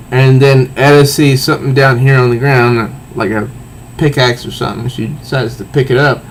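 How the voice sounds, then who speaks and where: A man casually reviewing a comic book, recounting panels in a halting way with repeated words. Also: medium pitch, steady tone, slight background noise, poor audio.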